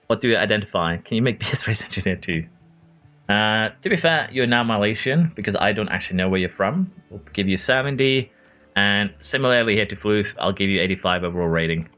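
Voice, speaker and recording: Speaking fairly quickly and with animation, this Norwegian streamer has a lowish, pushed, bright voice. He comments casually on a racing management game, reading chat, replying to people by name and chuckling often, over soft background music.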